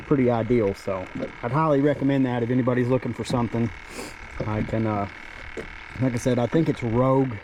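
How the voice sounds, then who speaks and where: A man's voice: fairly low pitch, background noise. Folksy Southern man on a fishing boat. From Tennessee. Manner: folksy, says y'all often. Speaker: fishing vlogger. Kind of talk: casual on-camera chat. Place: small boat on a river, outdoors.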